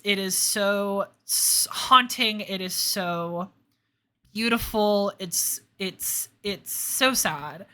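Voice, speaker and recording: A woman's voice: mid-range voice, pushed and bright. A young woman streamer giving gushing, emotional commentary on a story game. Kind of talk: let's-play commentary. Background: faint lo-fi background music.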